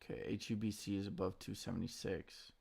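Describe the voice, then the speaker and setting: A tired man talks through his trades in a hushed morning voice. His voice sits a little low with a gravelly rasp. He stays laid-back, answering chat as he goes. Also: flat delivery, a little fast. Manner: quiet, subdued morning voice; laid-back, reads chat names aloud. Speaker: stock trading streamer. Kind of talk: casual live-stream chat.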